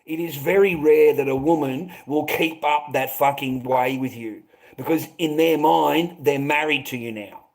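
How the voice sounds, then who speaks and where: An Australian man hosting a livestream speaks in a higher, slightly mellow voice at an unhurried pace. Chatting casually, he answers viewers with blunt advice, swearing constantly and calling them mate.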